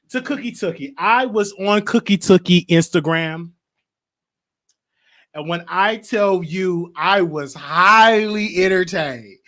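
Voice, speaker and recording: A man with a Southern US accent hosting a casual gossip show, out of breath and chatty, with sudden loud bursts. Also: high voice. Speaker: show host.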